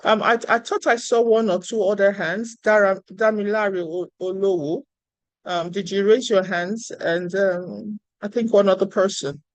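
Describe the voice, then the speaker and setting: A woman's voice: medium pitch, normal speed, no echo, rough recording. A woman professor hosting an online meeting, praising and encouraging students. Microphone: video call.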